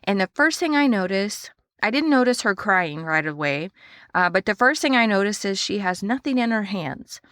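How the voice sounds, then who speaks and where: A woman hosting a casual solo podcast, telling a story in a chatty, animated way and acting out the dialogue. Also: medium pitch, normal speed, no echo, studio quality. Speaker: podcast host and small business owner.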